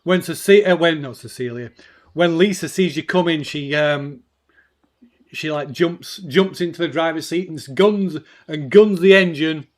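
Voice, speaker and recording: A man narrating a tabletop horror game as game master, halting with restarts and fillers. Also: a little high.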